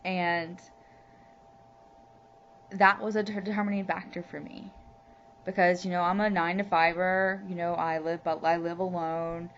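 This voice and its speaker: Candid, heartfelt woman, slightly low voice. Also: level tone, unhurried, long pauses. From Louisiana, USA. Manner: candid, heartfelt, rambling with many "you know"s. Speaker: vlogger. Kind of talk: personal video diary. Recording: muffled lo-fi recording with faint hum.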